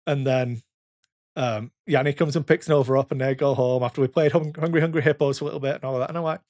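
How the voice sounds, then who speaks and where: A man's voice: medium pitch, steady tone, fast, a little mellow, no echo, studio quality. A man in his thirties co-hosting a podcast, telling rambling stories and swearing freely in casual chat. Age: 30s. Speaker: podcast co-host.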